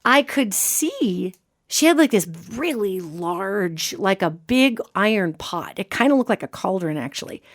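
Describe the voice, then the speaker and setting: A woman hosting a podcast as a medium, an animated storyteller who acts out quotes in casual chat. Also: mid-range voice, unhurried. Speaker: host and medium.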